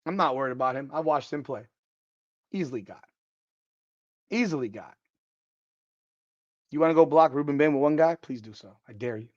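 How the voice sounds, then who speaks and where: A podcast host runs a live sports show in a hoarse, worn-out voice, excitable and profane, trash-talking as he reads the chat. His voice is mid-range at normal speed with long pauses, and the recording is dry and dull.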